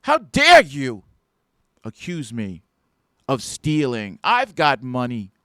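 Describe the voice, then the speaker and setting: Man voicing a haughty woman shoplifter, high-pitched, offended, dry close recording. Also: wildly swooping pitch, slow pace, fairly bright tone, no echo, exaggerated voice. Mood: indignant.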